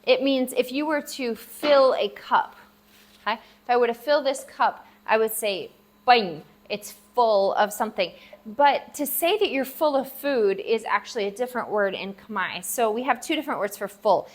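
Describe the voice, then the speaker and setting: In this relaxed language lesson, a woman speaks at a normal pace in a slightly high voice. She patiently repeats every syllable several times, writing the words out at a table for the viewer.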